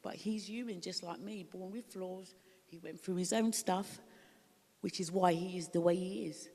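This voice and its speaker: A woman's voice: lowish voice, darkish tone. Middle-aged woman from Africa, raw emotional testimony, in a reverberant hall. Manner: candid, emotional, laughs often. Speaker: recovery ministry speaker. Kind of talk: personal testimony.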